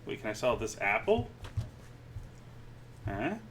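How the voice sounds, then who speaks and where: A man's voice: on the low side, very animated, slow, vocal fry, fairly bright tone, a little hiss or hum, poor audio. A man giving casual gameplay commentary, musing aloud to himself with dry little asides.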